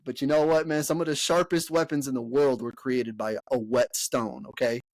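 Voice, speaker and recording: A young man chats on a podcast in an easy, slangy way, full of fillers and the odd curse. His voice sits at an ordinary pitch. The sound is dry and close, with little room around it. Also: normal speed, dry recording. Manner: relaxed slangy talk, heavy fillers and swearing. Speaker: podcast co-host. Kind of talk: casual chat.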